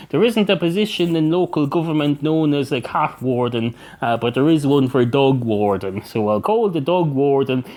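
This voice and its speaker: A man's voice: mid-range voice, a little mellow, natural voice. A man playing a pedantic, long-winded barman in a comic story. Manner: long-winded, reasoning aloud. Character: rambling, pedantic male barman.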